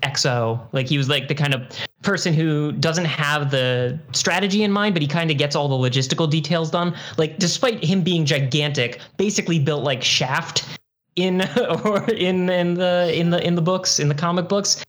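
A man's voice: on the high side, moderate pace. A man co-hosting a podcast in casual chat, explaining things at length and often restarting his words. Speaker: podcast co-host.

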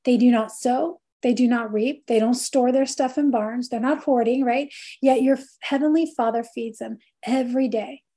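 A woman speaks in a mellow, slightly high voice, earnest and reflective. She gives a faith-based wellness talk, weaving in scripture quotes and casual fillers. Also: steady tone, normal speed. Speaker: host.

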